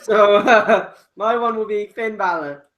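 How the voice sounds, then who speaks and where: A man's voice: high voice, a little slow, fairly bright tone, lo-fi sound. A man co-hosting a casual chat, flustered and swearing as he reads his picks. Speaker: podcast co-host.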